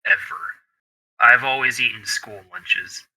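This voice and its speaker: A man's voice: medium pitch, a little slow, sharp tone, rough recording. A young man on a casual podcast, speaking bluntly and matter-of-factly. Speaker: podcast co-host. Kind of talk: casual chat.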